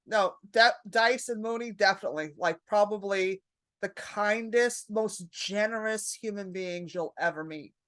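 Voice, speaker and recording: A middle-aged woman comedian telling stories as a podcast guest, profane and animated, acting out the voices of the people she quotes. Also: medium pitch, unhurried. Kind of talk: casual storytelling in a podcast interview.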